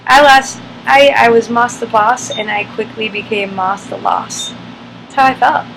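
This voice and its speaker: Woman vlogger, gravelly, slightly high voice, candid and emotional storytelling, air conditioner hum behind. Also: fairly even intonation, a little slow, a bit bright, low-quality recording. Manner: emotional, candid, frequent fillers. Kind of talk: personal storytelling to camera.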